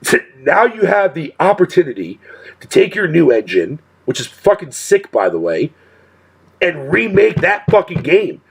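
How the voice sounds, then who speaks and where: A man's voice: a little high, huge pitch swings, moderate pace, vocal fry, slightly rough. A male streamer talking casually to his chat in a profane rant, swearing constantly and laughing often.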